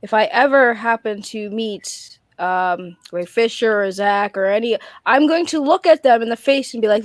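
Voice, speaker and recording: A woman co-hosting a casual group stream chat, animated and self-mocking, often laughing. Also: on the high side, normal speed, hardly any pauses, no room sound. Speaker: stream co-host.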